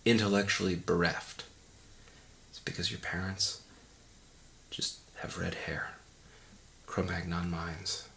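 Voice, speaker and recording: A man's voice: deep voice, fairly bright tone. A man giving a mock audio commentary in a pompous, condescending, rambling way. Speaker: commentary host.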